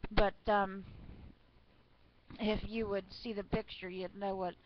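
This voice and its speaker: Unhurried woman reading church jokes aloud. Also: mid-range voice, little pitch movement. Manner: chatty, with fillers and asides. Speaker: online reader of church stories. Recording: slightly muffled with faint noise.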